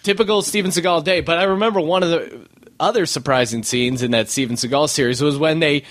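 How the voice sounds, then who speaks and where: A man's voice: a little high, fast, fairly bright tone. A man hosting a podcast in casual, rambling chat, laughing often. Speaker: podcast host.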